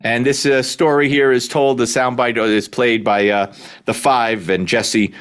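A man's voice: mid-range voice, steady tone, a little slow, smooth. A man hosting a talk radio show, delivering an opinionated monologue in a sarcastic, incredulous, exclamatory manner.

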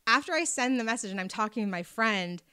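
Animated higher-voiced woman telling a story. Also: fast talker, clear, resonant tone. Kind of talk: casual chat.

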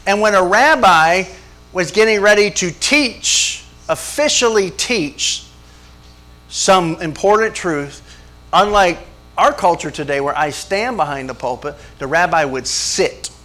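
A pastor, preaching a folksy sermon with storytelling. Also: male voice, sits high, lively intonation, unhurried, bright, forceful tone. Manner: folksy storytelling, acts out voices, chuckles. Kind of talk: sermon with jokes.

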